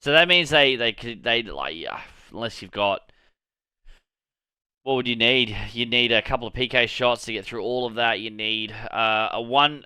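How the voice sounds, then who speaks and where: A man hosts a gaming channel in a slightly low, bright voice. He rambles with excitement over new game details. The sound is crisp and dry. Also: no room sound. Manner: excitable, rambling, swears casually. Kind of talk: casual commentary on a game reveal.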